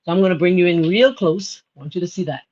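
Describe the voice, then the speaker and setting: A woman's voice: fairly low pitch, quick pace, a little mellow. Bahamian woman, home cook host, casual and chatty, muffled livestream audio. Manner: chatty, laughs often, greets viewers by name. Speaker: cooking show host. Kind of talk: casual live cooking demo.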